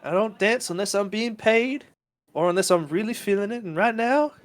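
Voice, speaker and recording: A man's voice: high-pitched, moderate pace, voice pushed up, lightly acted. A man performs a teasing female dancer with a raised, coy voice. She sounds playful and sly. This is a character in a tabletop game.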